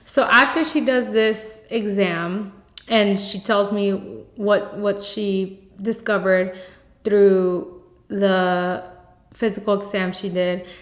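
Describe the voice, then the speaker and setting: A woman hosting a podcast, telling a personal story in a candid, emotional way and often speaking straight to her listeners. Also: mid-range voice. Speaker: podcast host. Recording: roomy echo.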